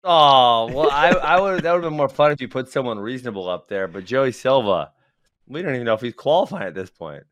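A man co-hosting a casual chat, telling stories in an animated way and breaking into laughter. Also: medium pitch, fairly quick, no room sound, studio quality. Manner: animated storyteller, bursts of laughter. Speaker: podcast co-host, former wrestler.

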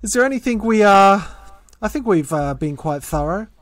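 A high-pitched man plays a wry mock interviewer in podcast banter. The sound is dry and close to the mic. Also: animated, moderate pace, fairly bright tone, no echo. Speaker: podcast co-host.

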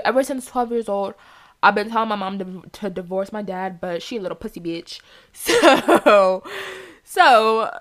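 A young woman hosting a podcast, telling a personal story in a candid, profane monologue and acting out the quoted voices with big jumps in pitch. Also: fairly bright tone. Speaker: podcast host.

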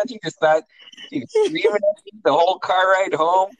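A man's voice: a little high, very animated, a little fast, no room sound, low-quality recording. A young adult man hosting a podcast, telling family stories in a casual, profane way and often laughing. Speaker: podcast host.

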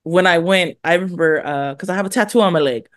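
A woman's voice: fairly low pitch, quick pace, no room sound, studio quality. A young woman, born in Hawaii and raised in California, chatting as a guest in a casual interview and acting out the voices of the people in her stories. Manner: animated storyteller, acts out quoted voices. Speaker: guest athlete.

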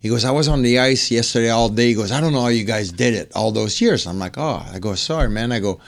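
A man's voice: quick pace, vocal fry. A man guest on a podcast, telling a story and acting out the quotes in different voices. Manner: acts out quotes, swings higher when excited. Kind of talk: animated storytelling.

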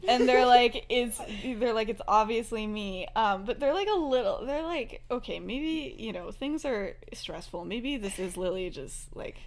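A young woman hosting a podcast, casually telling a fan-fiction story. She laughs often and acts out the characters' lines as quick quotes. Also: fairly high pitch, animated. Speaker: podcast host.

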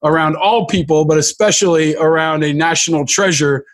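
Effusive, slightly high-voiced male host. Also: steady tone. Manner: gushing, halting with many restarts. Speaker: podcast host. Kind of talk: effusive interview hosting.

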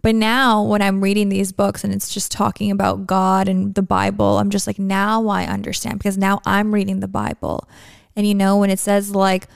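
A woman's voice: medium pitch, completely flat delivery, normal speed, vocal fry, smooth, no room sound, clean studio sound. A young woman hosting a podcast, chatting in a rambling, earnest way about her faith and daily life. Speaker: podcast host. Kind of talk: casual podcast chat.

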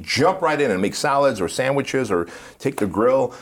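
A man guest in an interview, telling animated stories and laughing often. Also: on the low side, a little fast. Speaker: podcast guest. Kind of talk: casual storytelling interview.

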